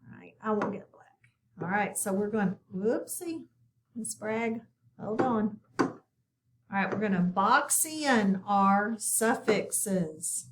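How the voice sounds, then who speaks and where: A woman's voice: medium pitch, slight background noise. A woman teaching a phonics lesson, patiently sounding out words and asking her students questions. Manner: encouraging, asks the class questions, repeats words slowly. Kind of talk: slow, patient classroom instruction.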